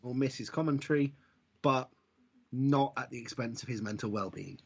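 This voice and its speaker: A man's voice: mid-range voice, moderate pace, vocal fry, breathy edge. A man co-hosting a casual wrestling podcast, talking in a dry, wry way with rambling asides. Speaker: podcast co-host. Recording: dull lo-fi podcast audio.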